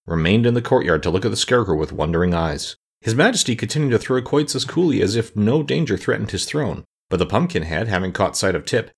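A man narrating a children's fantasy audiobook with lively, expressive storytelling. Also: low-pitched, husky.

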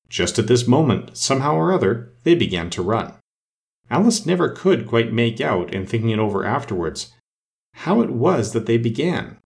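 A man narrating a children's story aloud with an expressive reading. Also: medium pitch, normal speed, gravelly.

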